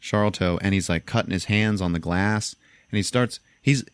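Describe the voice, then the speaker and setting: A man's voice: sits low, normal speed, smooth, dry recording. A man hosting a podcast, casually retelling a film's plot and often laughing as he acts out lines. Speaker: podcast host. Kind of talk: casual film recap.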